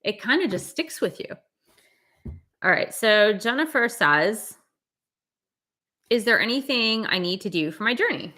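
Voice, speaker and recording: A woman's voice: mid-range voice, animated, unhurried, pauses often, sharp tone. A middle-aged woman doing live-stream tarot readings, talking in a chatty, valley-girl cadence. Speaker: tarot reader.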